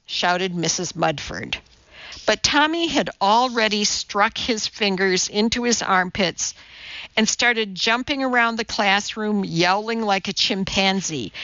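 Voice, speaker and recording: A woman narrating an audiobook in a measured storytelling manner. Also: medium pitch, bright, forceful tone, no echo, lo-fi sound. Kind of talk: scripted narration.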